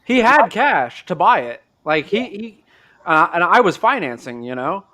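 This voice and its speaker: A young man chatting casually with fellow riders, telling an animated story. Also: high voice, measured pace. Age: young adult. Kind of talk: casual chat.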